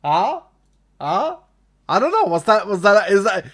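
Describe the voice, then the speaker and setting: A man's voice: high voice, big pitch swings, unhurried. A man with a Swedish accent chatting casually to his live-stream audience, laughing often and repeating his phrases. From Sweden. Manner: chuckly, repeats phrases, talks to chat. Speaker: livestreamer.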